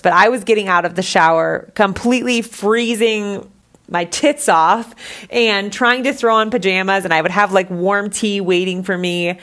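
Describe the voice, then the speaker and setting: Her voice is medium-pitched and a bit bright. Running her own podcast, this woman keeps things candid and conversational, leaning heavily on "like" as a filler.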